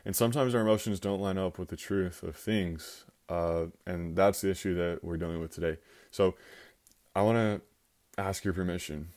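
Low-voiced man giving a casual faith talk. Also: steady tone, moderate pace, darkish tone. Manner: conversational, acts out scenarios with quoted voices. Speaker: Christian teacher. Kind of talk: informal teaching talk.

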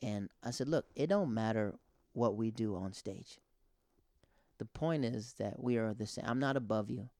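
A man's voice: lowish voice, moderate pace, a little mellow, no room sound. Young male comic host, loose rambling monologue, dry close mic. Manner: rambling, conversational, filler-heavy. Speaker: podcast host and stand-up comic. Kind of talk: casual monologue.

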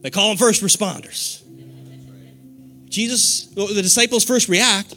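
A man in his forties delivers an animated sermon with call-and-response. His voice sits high and swoops widely in pitch. The tone is bright and forceful. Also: unhurried, faint music behind. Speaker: pastor.

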